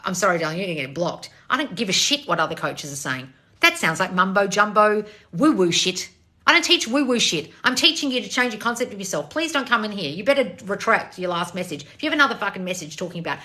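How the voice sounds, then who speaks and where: A woman's voice: lowish voice, bright, forceful tone. A woman coach on a live stream answering chat questions, blunt and sarcastic, swearing freely. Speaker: manifestation coach.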